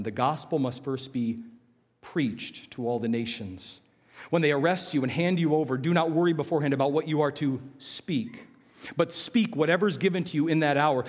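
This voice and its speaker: Preaching man in a reverberant church. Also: a little high. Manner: swings from loud emphatic preaching to hushed near-whispers; calls for congregation responses. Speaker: pastor. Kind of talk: sermon. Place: church sanctuary. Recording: long hall reverb.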